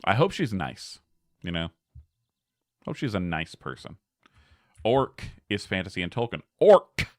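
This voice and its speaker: A man's voice: low voice, fairly bright tone, no room sound, studio quality. A man giving casual gameplay commentary as a streamer, chatty, laughing often and talking back to his chat.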